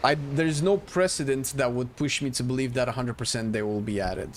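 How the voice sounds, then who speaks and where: A man's voice: medium pitch, fairly quick, slight background noise. Joking male streamer. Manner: chatty, joking, thinks aloud. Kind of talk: casual gameplay commentary.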